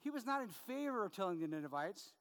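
A man's voice: high-pitched, big pitch swings, fast, a bit bright. A man preaching a sermon as a pastor, talking in a loose, conversational way with fillers and rhetorical asides. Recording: long reverb of a hall.

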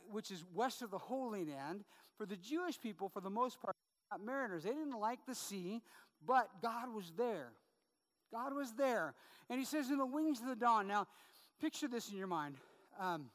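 Male pastor, high voice, chatty sermon with many asides, hall reverb. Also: a bit bright. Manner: conversational, many fillers and rhetorical asides.

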